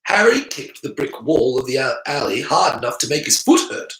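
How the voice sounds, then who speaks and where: Expressive man narrating an audiobook. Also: mid-range voice, normal speed, reverberant, poor audio. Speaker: audiobook reader.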